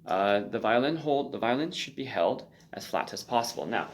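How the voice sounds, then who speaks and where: A man giving a spoken violin lesson, loose and conversational, often checking in with a quick "okay?". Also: medium pitch, lively intonation. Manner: loose and conversational, frequent ums and check-in okays. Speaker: violin teacher. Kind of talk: spoken instruction with demonstration.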